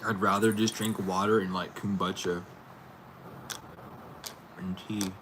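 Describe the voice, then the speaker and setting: Male streamer, lowish voice, rambling casual chatter with cursing and laughs, noisy home stream audio. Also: little pitch movement, unhurried, a bit bright. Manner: rambling, loose and profane, with frequent laughs. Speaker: tarot reader streaming live. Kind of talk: casual livestream chat. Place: indoors at home. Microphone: computer or camera mic for a live stream.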